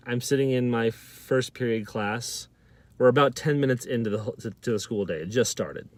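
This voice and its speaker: A man's voice: medium pitch, a little mellow, no echo. A man vlogger telling a personal story to camera, often stammering and repeating words.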